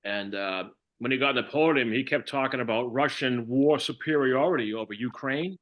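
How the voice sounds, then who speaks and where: An older man from Massachusetts with a Boston accent, doing a stand-up comedy set of deadpan one-liners, full of fillers and restarts. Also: mid-range voice, normal speed, lo-fi sound. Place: online comedy show.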